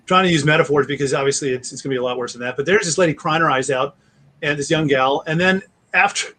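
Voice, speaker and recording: A man in his forties, a guest author telling rambling stories in a casual interview and slipping into animated impressions. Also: fairly high pitch, fast talker. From United States.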